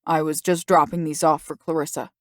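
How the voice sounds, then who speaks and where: Woman lowering her voice for a quiet teen boy, lower pitch, earnest, urging. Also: little pitch movement, fairly quick, no echo, clean studio sound. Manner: soft, urging.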